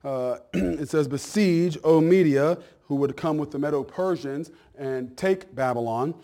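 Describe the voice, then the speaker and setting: A man's voice: mid-range voice, a little slow, dark tone. A man preaching a sermon as pastor in a church, talking in a folksy, conversational way, repeating words and checking in with his listeners. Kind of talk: sermon and Bible class announcements.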